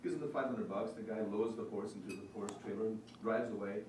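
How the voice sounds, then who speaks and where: A man's voice: lowish voice, fairly even intonation, fast, a little mellow, a little hiss or hum. A man giving an earnest, storytelling speech as a small business consultant at a forum. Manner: storytelling, earnest, repeats himself for emphasis. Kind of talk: motivational speech to an audience. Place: meeting hall. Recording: echoey hall, mic far off, faint ambience.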